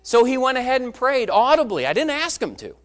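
A male preacher delivers a sermon in a conversational, storytelling way. His pitch swings widely as he drives his points home. The delivery is emphatic and direct. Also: sing-song, a little fast, fairly bright tone.

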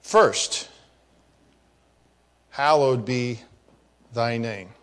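A man's voice: medium pitch, drawn-out words, a bit bright, clean tone. A man preaching a teaching sermon on prayer, explaining grammar with asides and repeating phrases for emphasis. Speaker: pastor.

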